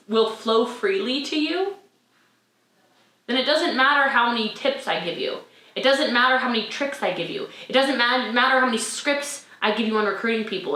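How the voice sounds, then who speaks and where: An emotional, emphatic woman in her thirties leads a motivational talk for her sales team. Her voice is bright and a touch high, and she keeps pressing her point with rhetorical questions. The room around her sounds echoey. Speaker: network marketing coach. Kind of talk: motivational talk on a video call.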